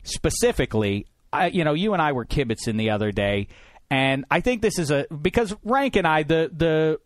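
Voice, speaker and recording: Guy hosting a football podcast, kinda high voice, dry studio sound, rambles and jokes a lot. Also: sing-song, moderate pace, no room sound. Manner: rambling, jokey, restarts a lot. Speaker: podcast host. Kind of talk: casual studio chat.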